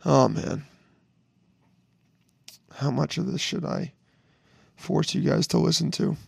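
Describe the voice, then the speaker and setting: A young man hosts a loose, profane solo podcast while recovering from losing his voice, so he sounds hoarse and deeply gravelly. His voice sits slightly high for a man. He rambles and jokes into a dry, close microphone. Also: animated, slow, dry recording. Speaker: podcast host. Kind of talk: casual solo podcast intro.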